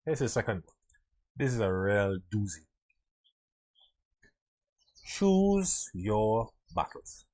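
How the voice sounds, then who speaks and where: Animated man giving a motivational talk. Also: on the low side, slow, pauses often. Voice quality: animated, swings between loud and soft. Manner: earnest, acts out quotes and sounds. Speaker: leadership speaker.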